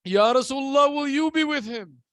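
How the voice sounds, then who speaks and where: A man's voice: very high-pitched, a little slow, creaky, fairly bright tone, dry recording, heavily acted. A male preacher voicing a grieving mother who pleads for her son, within a sermon. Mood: pleading.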